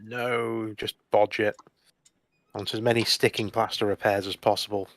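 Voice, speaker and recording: A man's voice: lowish voice, flat delivery, moderate pace, crowd noise. A man co-playing on a gaming stream, chatting with a dry, wry humour. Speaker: co-player on stream. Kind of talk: casual gaming chat.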